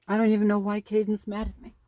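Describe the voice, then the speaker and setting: A woman's voice: medium pitch, monotone, fast talker, dark tone, no room sound. A woman speaking a personal monologue to camera as a parent, upset and pleading, repeating herself.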